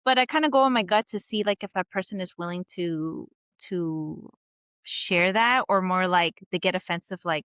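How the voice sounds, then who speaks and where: A woman's voice: on the low side, moderate pace, a bit bright, no echo, studio quality. A woman co-hosting a podcast in casual chat, laughing often and acting out her own asides. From mother is Jamaican. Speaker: podcast co-host.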